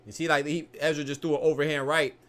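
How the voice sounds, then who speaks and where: This is a young man calling a boxing match live at a quick pace, his voice on the high side. The commentary is casual and slangy, and he's excitable, laughing and often starting sentences again.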